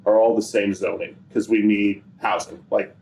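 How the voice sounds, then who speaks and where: A man on a podcast as the guest, chatting about his working life. His voice sits on the lower side. He talks in a relaxed, rambling manner, stringing thoughts together with plenty of fillers. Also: normal speed, vocal fry. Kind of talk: casual chat.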